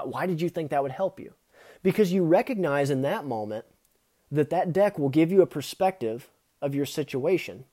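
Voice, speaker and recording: A man's voice: a little high, mellow. A man hosting a podcast, delivering an earnest motivational monologue that speaks straight to the listener. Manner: earnest, speaks straight to the listener with repeated second-person questions. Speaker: podcast host.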